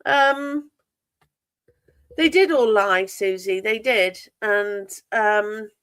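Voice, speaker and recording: Speaking extremely slowly, a woman with a mid-range, slightly bright, clear, resonant voice hosts a livestream discussing a true crime case. Her many questions are pointed and disbelieving, delivered with emphatic stress.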